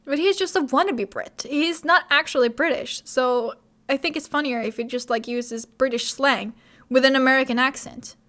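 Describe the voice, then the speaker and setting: A woman's voice: high-pitched, normal speed, fairly bright tone. A young woman streamer chatting casually and jokingly, rambling between voiced lines. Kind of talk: casual commentary while dubbing a game.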